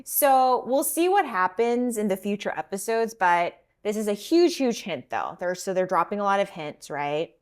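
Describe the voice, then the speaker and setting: A woman's voice: mid-range voice, moderate pace, hardly any pauses. A woman co-hosting a podcast, chatting casually and acting out lines as she recaps a drama episode. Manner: animated storytelling, acts out quotes. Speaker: podcast co-host.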